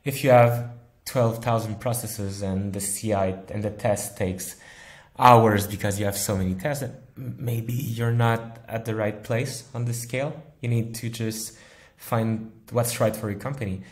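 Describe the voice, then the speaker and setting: A man who works as a software engineer answering interview questions in a thoughtful, easygoing way, often laughing. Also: fairly low pitch, steady tone, measured pace. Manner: thoughtful, laughs easily, uses analogies.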